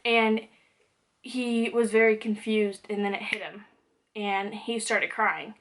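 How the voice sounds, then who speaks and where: Young woman just talking to her camera, open and chatty, lots of likes and ums, mid-pitched voice. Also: steady tone, a little slow, a bit bright. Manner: candid, conversational, frequent "like" and "um". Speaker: vlogger. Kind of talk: personal talking-to-camera vlog.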